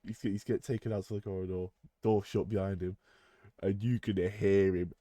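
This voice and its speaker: A young man co-hosting a podcast, telling school stories in an animated way with bursts of loud laughter. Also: deep voice, brisk, no room sound, clean studio sound. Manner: animated storyteller, loud when acting out a shouting teacher, laughs through lines. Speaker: podcast co-host. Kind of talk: casual storytelling.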